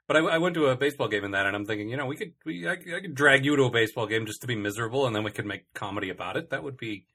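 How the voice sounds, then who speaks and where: A man co-hosts a casual comedy podcast, his voice bright with a husky edge. He rambles, starts over mid-sentence, and keeps slipping in dry complaints for laughs. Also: medium pitch, animated, racing. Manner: rambling, self-interrupting, dry complaining humor. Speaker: podcast co-host.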